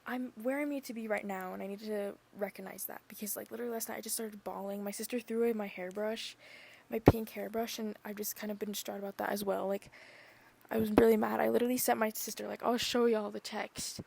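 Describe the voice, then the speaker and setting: A woman's voice: mid-range voice, fairly even intonation, quick pace, creaky. A young woman hosting her own podcast, chatting casually and rambling with lots of "like" and "literally". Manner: rambling, full of "like" and "literally", drifting soft. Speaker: podcast host. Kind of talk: casual chat.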